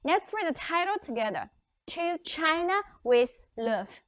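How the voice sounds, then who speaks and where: High-voiced woman teacher, dry lo-fi sound. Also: very animated, a little slow, a bit bright, no room sound. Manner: upbeat, encouraging, asks the class questions. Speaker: English teacher. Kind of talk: classroom teaching. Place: classroom.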